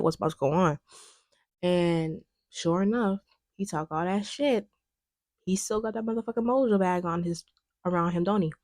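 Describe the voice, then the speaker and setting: A young woman, chatting in a lively, casual way about a film, with lots of fillers. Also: lowish voice, no room sound. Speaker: video essayist. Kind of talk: casual film commentary chat.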